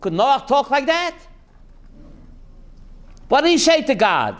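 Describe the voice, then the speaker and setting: A man, a rabbi, giving a lively Torah class, calling on listeners by name and slipping in Yiddish and Hebrew words. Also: high-pitched, a little slow, pauses often. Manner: lively, addresses listeners by name, jokey asides; mixes Yiddish and Hebrew terms. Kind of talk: animated Torah class to a live group.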